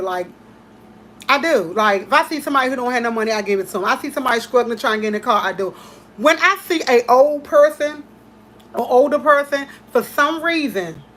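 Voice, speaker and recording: Excited, emphatic woman, fairly high voice. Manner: emphatic and repetitive, talks excitedly. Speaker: host. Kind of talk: casual chat.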